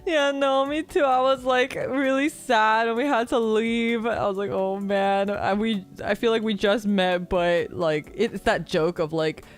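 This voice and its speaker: A woman's voice: on the high side, steady tone, unhurried, few pauses. A young woman from the United States hosting a stream, chatting casually and laughing often. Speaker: streamer host. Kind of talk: casual chat.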